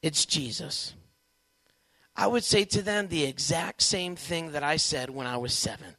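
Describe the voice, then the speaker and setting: A man giving a lively testimony talk to young Catholics, acting out quoted dialogue with big swings in pitch and volume. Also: normal speed, no room sound. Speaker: Catholic speaker addressing young people.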